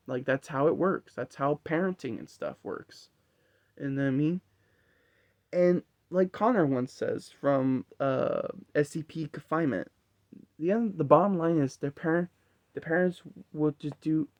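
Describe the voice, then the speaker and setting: Dude rambling thru a movie review, cussing and laughing, dry muffled mic. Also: male voice, on the high side, a little mellow, dry recording. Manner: rambling, profane, laughs often. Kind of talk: casual film review rant.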